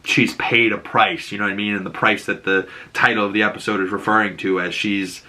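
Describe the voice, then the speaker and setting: A man's voice: steady tone, brisk, sharp tone. A man with a Boston accent giving an emotional, swearing, casual recap of a TV episode, acting out the quotes. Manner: emotional, swears, acts out quotes with rising pitch. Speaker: TV show reviewer.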